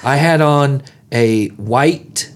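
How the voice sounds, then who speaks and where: A man's voice: mid-range voice, very slow, a little hiss or hum. A man co-hosting a casual chat, telling stories and acting out the people in them. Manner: storytelling, animated with quoted voices. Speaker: co-host.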